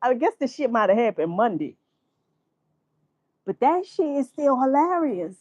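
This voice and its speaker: A woman vlogger, telling a story in profane, animated casual commentary and laughing often. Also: high-pitched, measured pace, no room sound, highs cut off.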